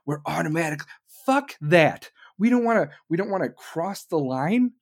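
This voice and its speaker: An American man rants angrily about politics, swearing at nearly every turn. His voice sits on the high side, and he keeps breaking into sarcastic, mocking asides. The delivery is loud, blunt and combative throughout. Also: expressive, normal speed. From United States. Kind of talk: profane political rant.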